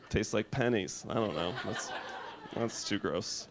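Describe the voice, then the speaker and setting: A man in his thirties from Colorado doing a stand-up set, delivering dark, absurd one-liners in a deadpan way. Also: lowish voice, slow, crowd noise, noisy background. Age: 30s. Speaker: stand-up comedian. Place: small studio.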